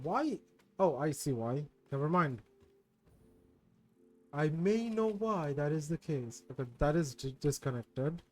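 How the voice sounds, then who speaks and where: A man's voice: on the high side, expressive, unhurried, long pauses, darkish tone, soft background music. A man casually chatting with viewers on his game stream, rambling and self-mocking, swearing when something goes wrong. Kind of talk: casual live-stream chat with viewers while gaming.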